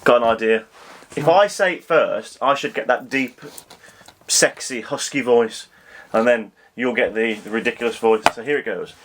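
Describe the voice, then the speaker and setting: A man's voice: medium pitch, normal speed, fairly bright tone, a little hiss or hum. A man co-hosting a casual chat show, teasing his co-host and cracking jokes. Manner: teasing, jokey and playful.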